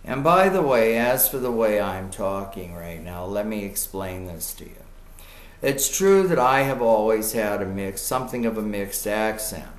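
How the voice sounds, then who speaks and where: A middle-aged man with a Boston accent in a chatty, digressive monologue to camera, swinging between loud and quiet. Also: on the low side, expressive, a little slow. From Key West, Florida and Boston area, US. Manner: chatty, digressive, with jumps in loudness. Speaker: vlogger. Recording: echoey room.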